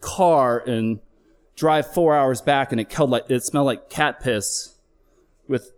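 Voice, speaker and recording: A middle-aged flight paramedic speaks on stage about a true personal experience, candid and emotional, with occasional swearing and deliberate slowdowns for emphasis. His voice is medium in pitch with a clean tone.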